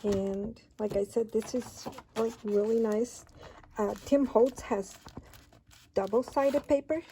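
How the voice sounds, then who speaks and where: A woman with a slightly high, mellow, fairly even voice takes things slowly as she hosts a casual paper-craft tutorial. She chats and counts aloud while folding and cutting in a hands-on demonstration, with noise and handling clicks in the recording.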